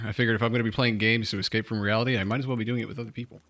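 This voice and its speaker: A man's voice: fairly low pitch, little pitch movement, very fast, fairly bright tone, dry recording. A man co-hosting a live game stream, chatting casually and technically while joking. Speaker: streamer co-host.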